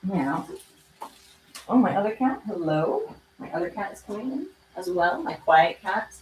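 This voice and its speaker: In a sing-song, mid-range voice that's a little mellow, a young woman chats at a moderate pace on her livestream while making kandi bracelets at home. She meows at her cat now and then, and the echoey room brings faint ambience with a little hiss or hum.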